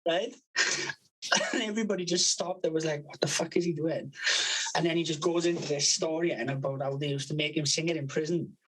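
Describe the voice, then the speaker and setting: A man's voice: on the high side, steady tone, a little fast, a bit bright, poor audio. A man telling a long funny story in casual chat, swearing constantly and laughing at his own tales. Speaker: podcast co-host.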